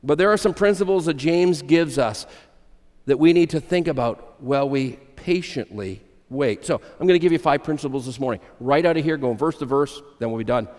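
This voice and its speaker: Male pastor, higher-pitched, emphatic sermon delivery with repeated phrases, long church reverb. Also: brisk, a little mellow. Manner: emphatic, repeats key phrases, tells illustrative stories. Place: church sanctuary.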